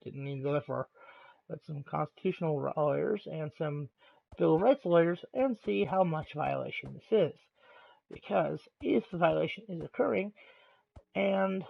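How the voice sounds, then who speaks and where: A man streaming live, delivering an angry rant in a deliberately calm, measured voice with halting pauses. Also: on the high side, gravelly. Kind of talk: ranting monologue on a live stream. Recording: tinny, phone-like lo-fi sound.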